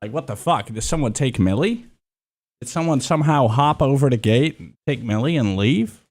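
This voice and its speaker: A man's voice: medium pitch, moderate pace. A young man chatting casually on a livestream, rambling and swearing freely. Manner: excitable, swears a lot, rambling.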